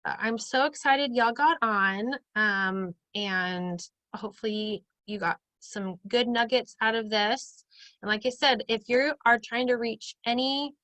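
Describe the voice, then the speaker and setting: Upbeat woman host in her thirties, chatty, bright voice, dry close sound on a video call. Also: fairly high pitch, measured pace, no echo, low-quality recording. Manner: chatty and upbeat, acts out quoted lines. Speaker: group chat host. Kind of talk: casual motivational group video chat.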